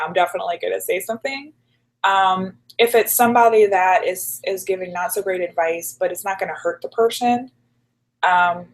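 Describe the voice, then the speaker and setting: A woman's voice: fairly low pitch, low-quality recording. A woman telling stories in a casual interview, chatty and full of "like" fillers. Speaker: guest. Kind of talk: casual storytelling chat.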